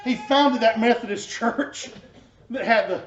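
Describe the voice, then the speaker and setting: A man giving a personal testimony as a pastor, telling his story earnestly and dropping soft and low in tender moments. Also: unhurried. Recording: echoey, dull room sound.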